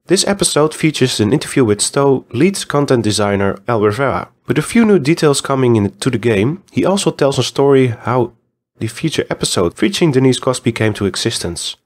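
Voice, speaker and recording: A man hosting a podcast and reading a news segment in an even, read-aloud way. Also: medium pitch. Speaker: podcast host.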